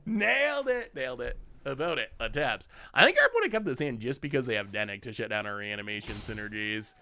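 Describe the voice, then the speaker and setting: Lively, bright-voiced man commentating a game. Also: medium pitch, fairly quick. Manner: chatty, laughs often, talks to opponent and chat. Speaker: streamer playing a card game. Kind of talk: casual gameplay commentary.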